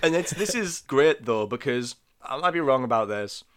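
A man co-hosting a casual film podcast, animated and quick to laugh. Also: mid-range voice. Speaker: podcast co-host.

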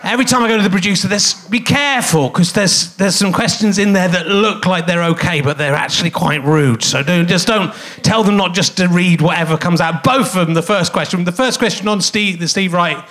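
A man's voice: high voice, fairly quick, few pauses, a bit bright. A man hosting a comedy podcast live on a theatre stage, rambling through self-mocking stand-up stories and chuckling at his own jokes. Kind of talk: live stand-up style monologue.

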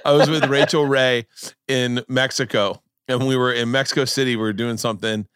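A man's voice: medium pitch, fairly even intonation, fairly quick, a bit bright, smooth, no echo, clean studio sound. A man hosting a podcast, telling rowdy stories in casual chat, swearing freely and laughing along. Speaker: podcast host.

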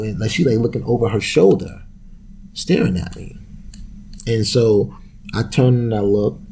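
Running his own podcast, this man has a gravelly, dark voice on the low side, with a little hiss or hum in the recording. He rants casually and profanely, rambling along and laughing a lot.

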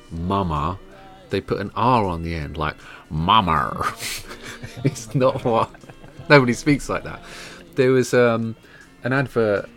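A podcast host with a lowish, vocal-fry voice chats casually, laughing often and using dry, self-mocking humour.

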